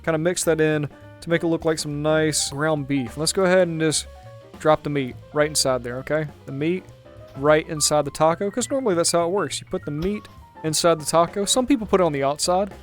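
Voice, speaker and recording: Faint music sits behind a gaming channel host whose voice is a little high and slightly fast. He plays while chatting through cheerful, joking commentary.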